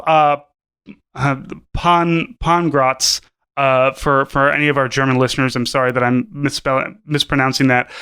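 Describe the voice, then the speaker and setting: Bright, clear-voiced rambling man. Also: a little high. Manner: rambling, profane, many fillers and restarts. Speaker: podcast co-host. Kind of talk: casual podcast chat.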